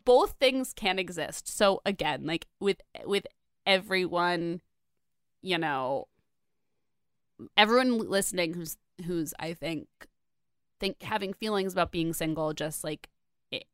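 Smooth-voiced rambling woman co-host. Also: on the low side, lively intonation, measured pace, long pauses, no echo, clean studio sound. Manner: rambling, filler-heavy, self-deprecating. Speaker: podcast co-host. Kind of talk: casual chat.

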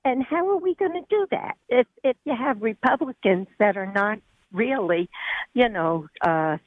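A woman's voice: on the high side, lively intonation, normal speed, dry recording. A middle-aged woman with a New York accent calling in to a radio show, chatty and aggravated. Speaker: radio caller. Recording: tinny phone line.

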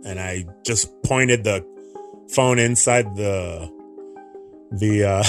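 A man telling his own story in an interview, earnest and halting, often restarting his sentences. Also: on the low side, faint music behind. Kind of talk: personal account in an interview.

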